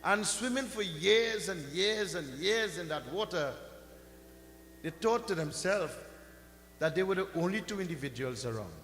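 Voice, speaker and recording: A man giving a religious discourse, telling a sacred story with slow, swelling emphasis and chanting mantras now and then. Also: high-pitched, expressive, a bit bright. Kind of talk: sermon storytelling. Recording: echoey hall with faint hum.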